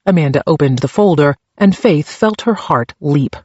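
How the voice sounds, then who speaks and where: A man narrating an audiobook in a steady, even storytelling manner. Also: on the high side, normal speed, dry recording, highs cut off. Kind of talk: scripted narration.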